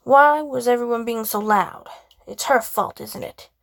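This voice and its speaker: A woman's voice: on the high side, measured pace, creaky, dry recording. A woman voicing a cold, curt young male pianist, speaking in a sleepy, irritated way.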